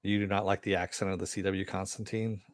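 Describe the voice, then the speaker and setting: A man's voice: low voice, level tone, fast talker, no room sound, clean studio sound. An American man hosting a casual live stream, rambling and reading viewer comments aloud. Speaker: host.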